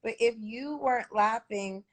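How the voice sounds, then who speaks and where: A woman's voice: a little high, a little slow. A woman in a heated conversation, defending herself with many fillers and restarts.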